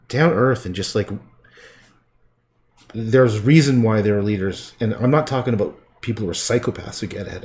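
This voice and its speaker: Rambling, profane man painting on livestream. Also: on the low side. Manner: profane, rambling, trails off quietly. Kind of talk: casual rambling chat while painting.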